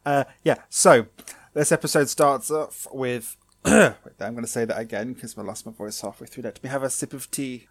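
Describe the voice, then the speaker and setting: A man's voice: mid-range voice, normal speed, no room sound. A man co-hosting a casual podcast, chatty and playful, often slipping into silly put-on voices. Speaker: podcast co-host. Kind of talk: casual chat.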